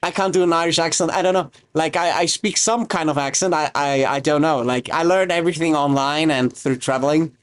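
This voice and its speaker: A young Romanian streamer talks in a loose, rambling way while he cooks. His accent is a mix he picked up online, and his voice sits a bit high for a man. He keeps breaking off to read and answer his chat. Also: a little fast, few pauses, clean tone. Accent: mixed, mostly learned online. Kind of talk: casual livestream chat while cooking.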